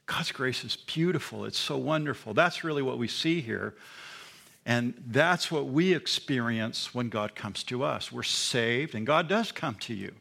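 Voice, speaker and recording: A man's voice: medium pitch, animated, measured pace, gravelly, bright, forceful tone. A man preaching a sermon in a church, emphatic and asking the congregation questions. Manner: emphatic, with call-and-response questions. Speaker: pastor.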